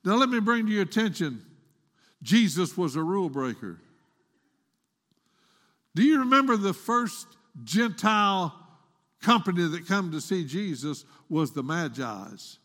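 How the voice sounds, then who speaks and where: A high, somewhat bright man speaks expressively at normal speed, preaching in a church with long hall reverb around him. His retelling of a story is dramatic and climbs into pleading, including a raised pleading tone for the quoted woman.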